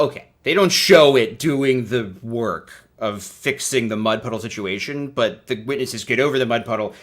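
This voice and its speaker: A man's voice: medium pitch, fairly bright tone. A man hosting a casual livestream, rambling and sarcastic, often laughing at his own jokes. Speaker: livestream host.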